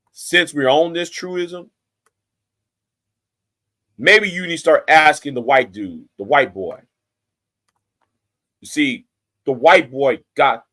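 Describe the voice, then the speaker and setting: A man's voice: fairly high pitch, a bit bright. Man ranting angrily at rivals. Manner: confrontational, threatening, profane, repeats himself. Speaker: YouTube commentator. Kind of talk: angry direct-to-camera rant.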